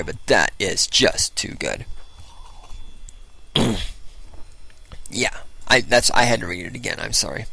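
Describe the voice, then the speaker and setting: A man's voice: mid-range voice, gravelly, bright, forceful tone, no room sound, poor audio. A man hosting a political commentary show, mocking and ranting as he reads out quotes with scorn.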